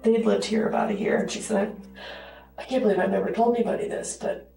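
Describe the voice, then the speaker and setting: A woman interviewed about a friend, telling it in an animated way and quoting others. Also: medium pitch, quick pace, vocal fry, over music. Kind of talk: interview recollection. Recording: echoey and distant.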